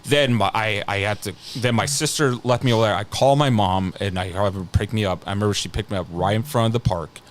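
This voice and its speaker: Rambling, halting man in his thirties. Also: lowish voice, a little hiss or hum. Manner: rambling, halting, with frequent restarts and casual swearing. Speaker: podcast guest, scare actor. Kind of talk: casual storytelling on a podcast.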